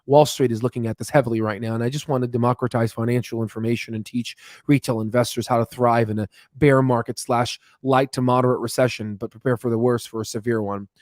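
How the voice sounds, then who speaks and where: A man walking viewers through stock market charts in a casual, quick explainer with many restarts and fillers. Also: mid-range voice, fairly even intonation, a little mellow, no echo, studio quality. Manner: many fillers and restarts, talks fast on purpose.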